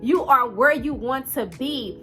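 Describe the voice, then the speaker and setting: Bright, high-voiced woman in her thirties. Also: unhurried, faint music behind. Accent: twang. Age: 30s. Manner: earnest, direct, conversational with fillers. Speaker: vlogger. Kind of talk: motivational talk to camera.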